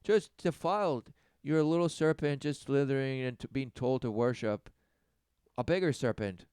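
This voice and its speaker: A man delivering a mocking sermon rant, often mimicking others in high, sarcastic voices. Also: moderate pace, a little mellow, smooth, no echo, clean studio sound. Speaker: preacher.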